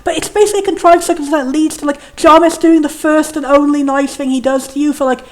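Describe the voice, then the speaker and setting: A woman giving a casual, rambling spoken critique of a game, sarcastic and laughing often, dipping into quick voices for the characters. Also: high-pitched, steady tone. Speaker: game reviewer.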